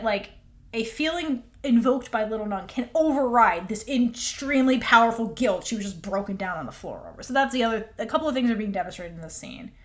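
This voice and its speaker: A woman co-hosting a casual recap chat, animated and acting out character lines. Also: a little high. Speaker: podcast co-host.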